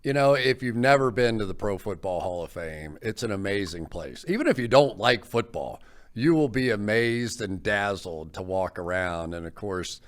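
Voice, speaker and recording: A man's voice: on the low side, expressive, moderate pace. A man hosting an interview, chatty and admiring as he sets up questions for his guest. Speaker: show host, interviewer. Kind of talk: casual interview.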